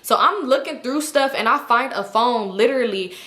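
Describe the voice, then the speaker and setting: A woman telling a storytime in a casual, animated, slangy way with lots of swearing. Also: on the high side, moderate pace. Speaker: storytime vlogger. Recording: echoey room.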